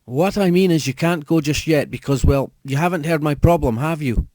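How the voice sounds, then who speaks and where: A scheming young woman who coaxes and teases, pitched well above the reader's own voice, as a male narrator puts her on. The tone stays mellow and warm, in a dry, close recording. She sounds coy and calculating. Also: normal speed, no room sound, lightly acted. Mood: coaxing. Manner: coaxing, calculating, teasing.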